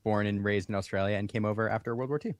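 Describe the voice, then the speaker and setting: A man joining a stream chat as a guest, telling jokes with a deadpan delivery. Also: lowish voice, very fast, no echo. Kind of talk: casual chat.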